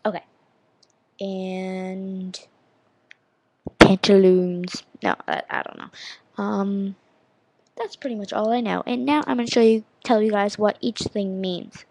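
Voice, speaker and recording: A teenage girl talking to her camera in a slow, rambling way, giggling at herself and sounding words out over and over. Her voice has a gravelly, fried edge, and the sound is dry and close with no room around it. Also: mid-range voice, steady tone, a little mellow, no room sound. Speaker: vlogger. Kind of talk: casual vlog chat.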